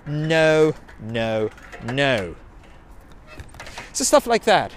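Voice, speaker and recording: Guy rambling on, swears a lot, pitch jumps all over, kinda high voice. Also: big pitch swings, normal speed, a little hiss or hum. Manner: sweary, self-mocking, digressive, with quoted put-on voices. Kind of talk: rambling personal monologue.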